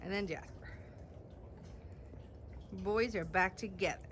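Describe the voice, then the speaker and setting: A woman's voice: medium pitch, animated, measured pace, a little hiss or hum. Host: chatty woman, casual show-and-tell, laughs a lot. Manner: chatty, laughs often, talks to her dogs. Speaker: flosstube host.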